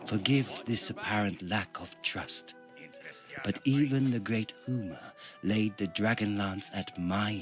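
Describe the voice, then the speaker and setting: A man reading aloud, voicing an ancient, wise female unicorn in a deep, soft, slow voice. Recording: music behind.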